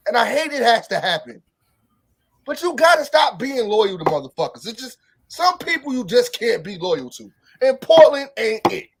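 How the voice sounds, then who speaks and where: A man's voice: sits high, a little hiss or hum. A man co-hosting a sports talk show, ranting with heavy profanity and emphatic repetition. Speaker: podcast co-host. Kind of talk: casual sports chat.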